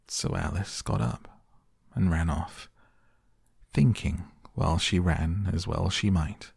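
A man softly reading a bedtime story aloud as a soothing narrator. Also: low-pitched, steady tone, creaky, slightly rough, no echo, studio quality. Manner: soft, unhurried. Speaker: audiobook narrator.

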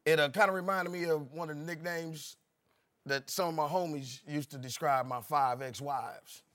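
Man voicing a bragging older uncle, rambling preachy asides, high voice. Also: moderate pace, a bit bright, lightly acted. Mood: boasting.

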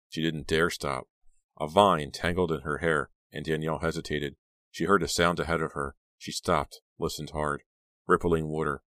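A man narrating a horror audiobook in a steady, dramatic reading. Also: extremely low pitch, no room sound.

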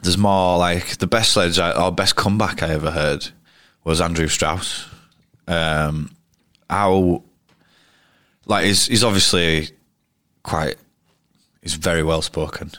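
Yorkshire bloke, real deep voice, chatting in a pub, rambly and sweary. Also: male voice, steady tone, slow, a bit bright, no echo, clean studio sound. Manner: rambling, frequent restarts, blunt and sweary. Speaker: guest cricketer. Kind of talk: casual interview storytelling.

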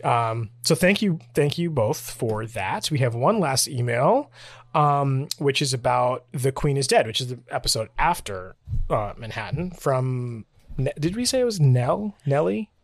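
A man's voice: medium pitch, animated, a little slow, dry recording. A man co-hosting a podcast, chatting casually and laughing often as he reads listener emails aloud. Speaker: podcast co-host. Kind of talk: casual chat. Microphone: podcast mic on video recording.

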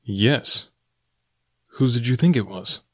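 A man voicing a strong, fierce but tender jungle man in a storybook reading, low and firm. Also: slow. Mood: earnest, fierce.

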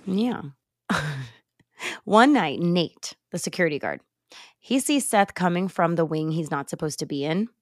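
A young woman hosts a podcast from home late at night and animatedly retells a gruesome movie plot. Her voice sits on the lower side, and the recording is dry and close, with no room sound. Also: no echo. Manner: animated, expressive storytelling with sighs and laughs. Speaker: podcast host. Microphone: remote call recording.

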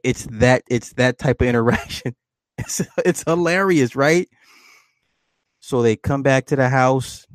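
In a dry recording, a medium-pitched male voice walks through a film's storyline in a relaxed, lively way. He keeps laughing, performs the characters' dialogue, swears offhandedly and keeps asking "right?" of whoever's listening.

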